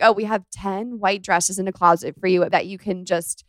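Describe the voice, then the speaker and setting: Podcast host: bubbly woman, smooth and clear, dry close mic, gushing storyteller. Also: medium pitch, a little fast, a bit bright, no echo. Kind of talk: casual chat.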